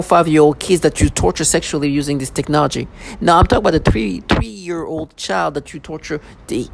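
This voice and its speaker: Gravelly man ranting angrily. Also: fairly high pitch, darkish tone. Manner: agitated, accusatory, repetitive. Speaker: vlogger. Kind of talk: angry monologue. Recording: noisy background.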